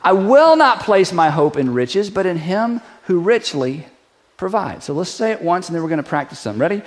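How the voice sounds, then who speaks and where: A middle-aged man with a fairly high voice preaches in a loose, conversational way. He jokes with his listeners, stacks rhetorical questions one after another, and coaxes them into saying a declaration together. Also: sing-song, normal speed. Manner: leads the congregation in a spoken declaration. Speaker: pastor. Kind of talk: sermon.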